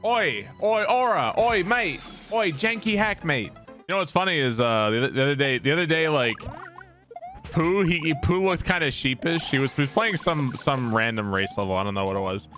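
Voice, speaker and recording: A young man streaming a game, rambling and swearing, often laughing and breaking into loud outbursts at the game. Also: mid-range voice, brisk, soft background music. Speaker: gaming streamer. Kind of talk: casual gameplay commentary with chat.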